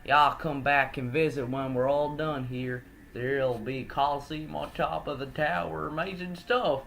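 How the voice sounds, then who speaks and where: A man voicing a weary male construction worker with a slow, folksy drawl. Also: on the low side, fairly bright tone, slight background noise.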